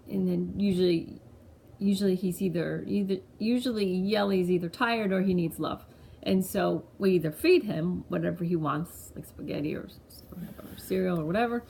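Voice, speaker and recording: A mother tells a parenting story to the camera in a loose, chatty way, often circling back to restart her thoughts about her family. Her voice is medium-pitched, gravelly and dark, at a normal pace, with slight background noise.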